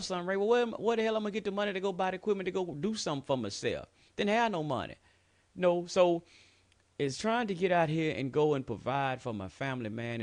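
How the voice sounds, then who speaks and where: A man hosting a show, talking candidly and bluntly in a heartfelt personal monologue, swearing often and saying "man" a lot. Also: mid-range voice. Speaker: show host.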